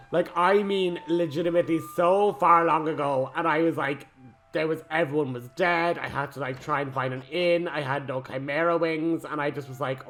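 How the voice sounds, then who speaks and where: A man comments on his gameplay in a rambling, jokey and excitable way. Faint music plays softly in the background. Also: a little high, moderate pace. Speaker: let's play host.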